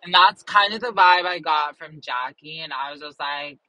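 A man talks in loose, rambling chat, with fillers and restarts and a self-mocking streak. His voice sits a little high and sounds sharp and forward. The sound is dry and close, with no room around it. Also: moderate pace, no echo, poor audio. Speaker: show reviewer.

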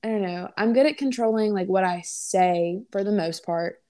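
A young woman co-hosting a podcast, chatting with a steady stream of fillers. She slips into quoted voices as she tells stories. Her pitch sits in the middle for a woman. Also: normal speed. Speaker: podcast co-host. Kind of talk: casual chat.

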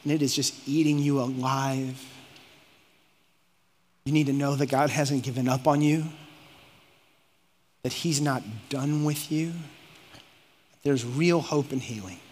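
A man's voice: mid-range voice, steady tone, unhurried, long pauses, a little hiss or hum. Man preaching in a reverberant hall. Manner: preaching with rising intensity, acts out quoted speech. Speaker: pastor. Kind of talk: sermon. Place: church auditorium. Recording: long reverb of a large hall.

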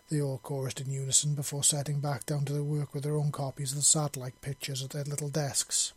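A man narrating a story in a steady, even storytelling voice. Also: mid-range voice, a little fast, few pauses, husky, no room sound. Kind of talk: audiobook narration.

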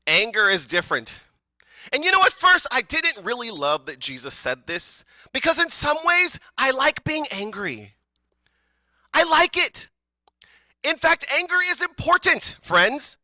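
A woman delivers a sermon in an easygoing, conversational manner and breaks into playful asides. Her voice is piercingly bright and swings widely in pitch. The sound is dry and close. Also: big pitch swings, a little slow, no echo. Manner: casual, conversational, joking asides. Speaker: preacher.

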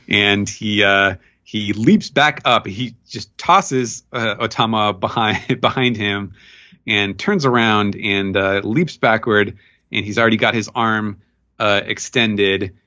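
Man, podcast recap, bright forceful voice, lower pitch, dull lo-fi sound. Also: steady tone, slow pace. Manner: rambling, many fillers, quotes characters in raised voices. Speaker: podcast co-host. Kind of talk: casual manga recap chat.

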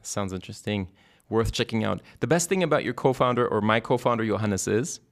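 Male podcast host, low voice, brisk questioning, polished outro read. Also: gravelly.

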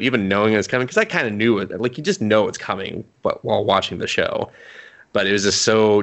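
Excitable, foul-mouthed man, low voice. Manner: excitable, swears a lot, gushes while recapping. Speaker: podcast co-host. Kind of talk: casual podcast chat.

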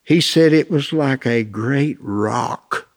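A man teaching a Christian class preaches through a personal story in a folksy, storytelling style, acting out phone calls in raised voices. He has a medium-pitched voice and speaks slowly.

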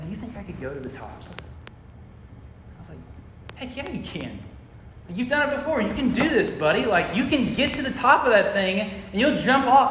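A man, a youth pastor telling a story in a sermon, animated and full of fillers. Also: fairly high pitch. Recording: echoey room with noise.

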